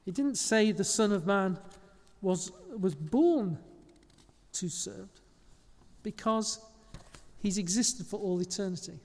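A man's voice: high-pitched, a little mellow, long reverb tail. A man preaching a sermon as pastor, speaking conversationally and correcting small slips as he goes.

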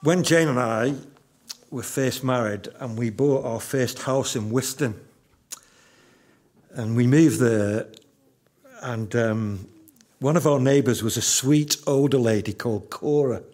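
Male pastor in his fifties, unhurried sermon delivery with emphatic repetition. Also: mid-range voice, a little mellow. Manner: slow, emphatic, repeats key lines.

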